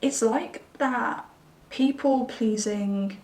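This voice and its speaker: A woman's voice: a little high, unhurried, a little mellow, far from the mic. A woman giving a chatty, reassuring pick-a-card tarot reading. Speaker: tarot reader. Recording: roomy sound from away from the mic.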